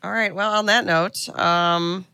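Bright, chatty woman podcast host. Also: lowish voice, steady tone, takes it slowly, clean tone, dry recording. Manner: chatty, many fillers and restarts. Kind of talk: casual podcast chat.

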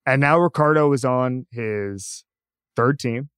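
A man's voice: medium pitch, slow, a bit bright, clear, resonant tone, no room sound. A man co-hosts a casual sports podcast at a studio microphone. His delivery is wry and teasing. The sound is close and dry. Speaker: podcast co-host.

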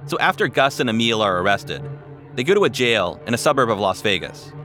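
Male host, scripted narration, measured and dramatic, bright tone. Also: mid-range voice, big pitch swings, soft background music. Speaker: podcast host.

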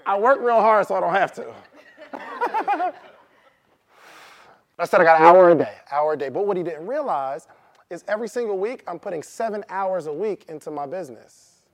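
A man's voice: high-pitched, sing-song, normal speed, long pauses. A man giving a motivational talk to a live audience, asking them questions and repeating his key points. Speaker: motivational speaker. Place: room with an audience.

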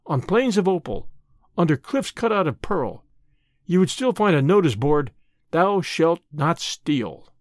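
A man doing a daring master thief for an audiobook, swinging from a hushed, solemn priestly hush to loud, jeering triumph. The voice leaps up and down in pitch and stays close and dry. He sneers at his victim with open relish. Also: very animated, a little slow, no echo. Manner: mocking and triumphant. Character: bold male master thief posing as priest. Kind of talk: audiobook reading of a classic story.

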